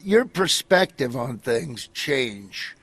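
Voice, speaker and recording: A man's voice: mid-range voice, big pitch swings, slow, fairly bright tone, husky. A middle-aged man from Nebraska, a comedian telling rambling stories in a casual interview, acting out other people as he goes.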